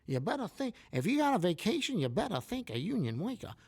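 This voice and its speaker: A man's voice: sits high, wildly swooping pitch, fast, a little mellow, slightly rough, no room sound, voice pushed up, heavily acted. A man doing a mocking impression of a woman politician in an old-time vaudeville manner. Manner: exaggerated, sing-song, mocking.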